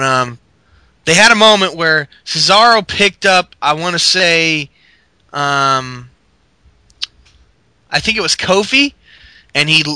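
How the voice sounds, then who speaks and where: A man's voice: fairly high pitch, pushed and bright, smooth, no room sound. A man co-hosting a podcast, rambling through a wrestling recap with fillers, laughs and swearing. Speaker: podcast co-host. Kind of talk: casual wrestling recap chat.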